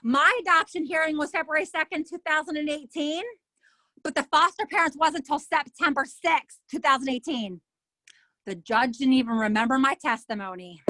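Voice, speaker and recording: A middle-aged woman telling her own story as an interview guest, animated and indignant, acting out what others said. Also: high-pitched, moderate pace, dry recording. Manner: animated, acts out other people's lines. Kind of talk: emotional personal storytelling.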